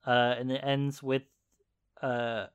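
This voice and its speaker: A man's voice: medium pitch, level tone, slow pace, clean tone. A man casually recapping a video on a podcast, rambling with fillers and laughing often. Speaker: podcast co-host. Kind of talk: casual chat.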